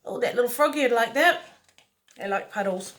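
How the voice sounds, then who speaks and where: A woman's voice: fairly high pitch, lively intonation, brisk, a bit bright. A woman reading a picture book aloud, playful, with chatty asides to the listener. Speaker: storyteller.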